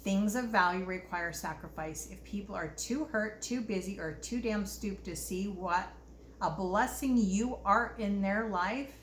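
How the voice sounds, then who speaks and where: A woman's voice: medium pitch, unhurried, slight background noise. An older woman hosting a casual self-help talk, earnest and reflective, sharing personal stories. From Utah, US. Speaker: host. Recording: echoey room with faint ambience.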